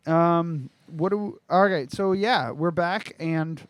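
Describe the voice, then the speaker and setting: A man's voice: fairly high pitch, slow pace, a little hiss or hum. A man hosting a comedy podcast in loose, rambling, profane chat. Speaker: podcast host.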